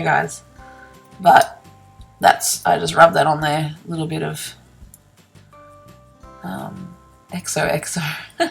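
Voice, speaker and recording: A woman's voice: low-pitched, gravelly, breathy edge. A woman casually narrating her scrapbooking process in a chatty, self-deprecating way, laughing often and yawning early in the morning. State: sleepy, yawning. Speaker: scrapbooking vlogger.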